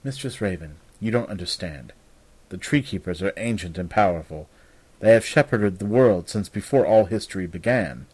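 A man voicing an old, formal male mage speaking in a measured, courteous way, low and husky. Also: animated, a little mellow. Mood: solemn. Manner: measured, solemn, polite.

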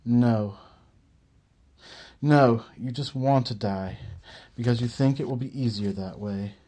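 Streetwise woman, read by a male narrator: blunt, coaxing, unhurried storybook voice. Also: medium pitch, dark tone, breathy edge. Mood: reassuring. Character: tough streetwise woman, blunt but caring.

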